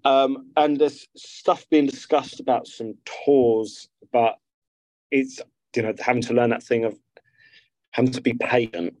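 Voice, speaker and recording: A man's voice: mid-range voice, steady tone, measured pace, darkish tone, no echo, low-quality recording. A man, chatting casually as a guest musician, rambling and swearing freely. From South London. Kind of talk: casual interview chat.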